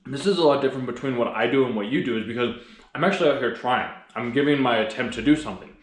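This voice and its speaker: A man's voice: medium pitch, fast, echoey room, poor audio. A man vlogging a casual motivational monologue, earnest and reflective, talking with his mouth full while he eats. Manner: earnest, reflective, rambling with restarts.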